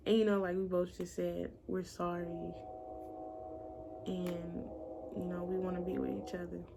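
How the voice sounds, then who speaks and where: Speaking in a level tone at a measured pace, a young woman with a gravelly, medium-pitched voice recounts a story for her casual vlog. She swears freely, talks bluntly, and imitates the people she quotes. A faint hiss lingers behind her.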